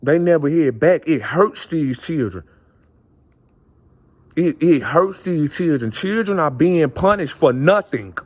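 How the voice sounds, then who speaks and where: A man's voice: a little high, animated, measured pace. Earnest man repeating himself passionately. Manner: earnest and repetitive, circling back on phrases. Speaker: vlogger. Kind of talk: impassioned personal monologue.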